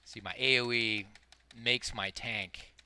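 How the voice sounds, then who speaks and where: Speaking slowly in a steady, mid-range voice that is sharp, clear, and resonant, a middle-aged multiboxing game streamer gives casual, rambling commentary. He explains tactics while he plays and is self-deprecating.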